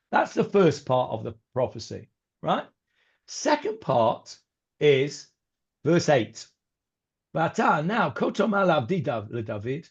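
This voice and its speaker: A man's voice: on the high side, sing-song, measured pace, breathy edge. A man teaching a Bible class as a rabbi, talking informally with many fillers and restarts and mixing in Hebrew verses. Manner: mixes in Hebrew words and verses. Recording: dull lo-fi recording.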